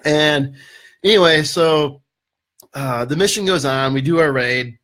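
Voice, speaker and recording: A man's voice: a little high, unhurried. Laid-back man telling a war story. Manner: animated storyteller, many fillers, laughs at own story. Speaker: podcast guest. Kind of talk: casual storytelling.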